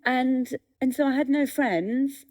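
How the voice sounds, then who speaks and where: A woman in her fifties, a comedian and author in a live festival conversation, telling self-mocking stories with lively energy. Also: sits high, slow. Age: 50s.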